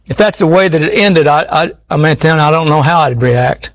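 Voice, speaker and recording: Guy preaching a sermon, pretty high voice for a man, earnest and pleading, keeps repeating words. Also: moderate pace.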